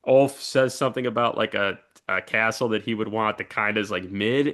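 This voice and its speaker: A man co-hosting a podcast in casual chat, animated as he retells scenes. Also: lowish voice, normal speed, hardly any pauses. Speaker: podcast co-host.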